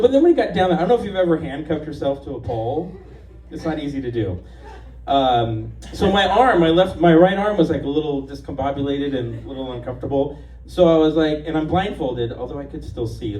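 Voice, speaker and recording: A man's voice: on the high side, lively intonation, a little fast, darkish tone, distant mic. Chatty comedian man, echoey room. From Los Angeles area, USA. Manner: chatty, confident, self-mocking storytelling. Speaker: stand-up comedian. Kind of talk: live stand-up set. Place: stage of a bar. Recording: echoey bar room from afar, faint noise.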